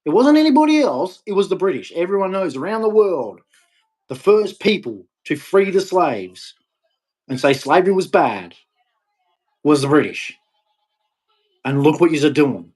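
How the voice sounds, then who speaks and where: A man delivering an impassioned, ranting monologue to camera, with sudden loud, emphatic rises. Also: on the high side, sing-song, unhurried, pauses often, slightly rough. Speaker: vlogger.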